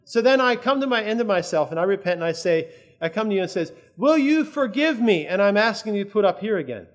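A man's voice: high-pitched, quick pace. A man preaching a sermon in an earnest, conversational way, often checking that his listeners follow.

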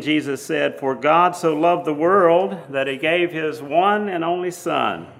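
Slow, gravelly-voiced man preaching. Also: medium pitch, a bit bright. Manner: slow, halting Bible teaching with fillers and restarts. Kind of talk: sermon.

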